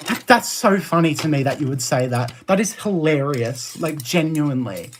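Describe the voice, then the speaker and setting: A live streamer chatting with viewers and arguing back at their messages in fast rants full of "like", laughing often. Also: mid-range voice, animated, a little hiss or hum. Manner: argumentative, fast rants with many "like" fillers; laughs often, easily amused.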